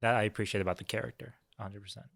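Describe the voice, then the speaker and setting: Male podcast co-host, low-pitched, relaxed opinion chat, dry close mic. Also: rapid-fire, vocal fry, no room sound. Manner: relaxed, laid-back, trailing off with "uh". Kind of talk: casual movie review chat.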